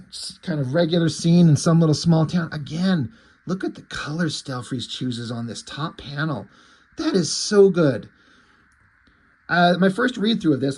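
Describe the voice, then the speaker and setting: Enthusiastic, profane comic reviewer, male, husky and somewhat high. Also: rough recording. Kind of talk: casual review vlog.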